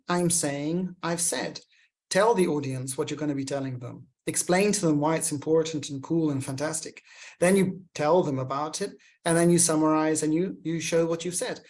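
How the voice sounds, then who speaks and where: A man hosting a show, giving energetic, emphatic coaching on public speaking. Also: fairly high pitch. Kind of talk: coaching monologue.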